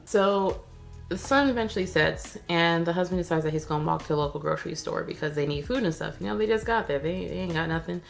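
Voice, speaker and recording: A woman vlogger recaps a TV episode in a loose, sarcastic, slang-heavy way. Her voice sits a little low and drags into a gravelly fry. Faint music plays underneath. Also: fast. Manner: sarcastic, chatty, slangy commentary. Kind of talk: casual spoken episode recap.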